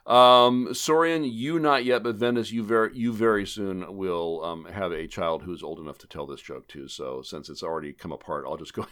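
A man hosting a comedic gaming podcast, joking theatrically and swinging between loud declarations and quiet asides. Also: on the low side. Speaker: podcast host.

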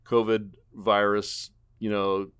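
A man's voice: on the low side, completely flat delivery, slow pace, fairly bright tone, clear, resonant tone. A man hosting a casual gaming podcast, rambling and joking with many fillers and restarts. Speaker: podcast host. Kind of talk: casual gaming podcast chat, wrapping up the show.

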